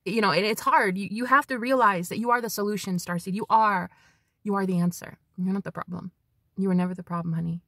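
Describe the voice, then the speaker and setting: A woman tarot reader giving a casual spiritual reading, chatty and animated, swearing freely as she talks to her viewers. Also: mid-range voice, quick pace, dry recording, studio quality.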